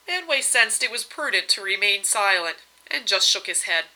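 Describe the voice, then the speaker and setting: A woman narrating a fantasy story aloud in a gentle, measured way. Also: mid-range voice, lively intonation, low-quality recording. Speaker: reader.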